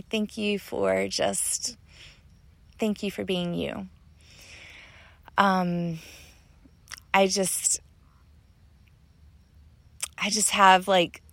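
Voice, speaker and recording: A woman's voice: lowish voice, gravelly, dry recording. A woman hosting her own podcast, talking in a heartfelt, gushing and spiritual way, full of thanks and "like" fillers. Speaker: podcast host. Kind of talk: heartfelt solo podcast talk.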